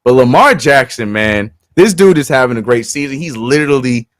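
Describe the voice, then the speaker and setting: Man, relaxed sports talk co-host, casual and easygoing, laughs a lot, dry close sound, restarts his sentences. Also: mid-range voice, brisk, dry recording. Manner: laid-back, laughs often, trails off and restarts.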